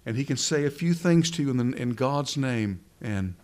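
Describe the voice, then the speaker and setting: A man preaching from a pulpit microphone in a sermon. His delivery is dramatic, slowing down on key words and sinking to a hush for emphasis. His voice sits at an ordinary middle pitch for a man. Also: animated, soft background music. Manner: dramatic preaching, slows down for emphasis, drops to a whisper at times.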